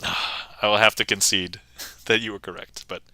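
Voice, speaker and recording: A man's voice: on the low side, fairly even intonation, normal speed, pushed and bright, clear, resonant tone, dry recording. A man hosting a live stream, chatting casually while he performs card tricks. He is playful, laughs often and reads viewer comments aloud. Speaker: magic livestreamer.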